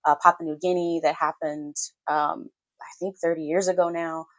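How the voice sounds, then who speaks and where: A woman's voice: sits low, level tone, moderate pace, fairly bright tone, no echo. A woman co-hosting a morning talk show, explaining the news in a wry, conversational way with many fillers. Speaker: co-host. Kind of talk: casual political chat on a morning show.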